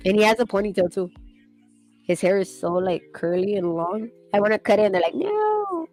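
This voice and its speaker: A woman's voice: mid-range voice, fairly even intonation, brisk, darkish tone, rough recording. A young woman chats loosely while she draws. She rambles from one story to the next, laughs often and swears casually. Faint music plays underneath. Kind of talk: casual chat while sketching.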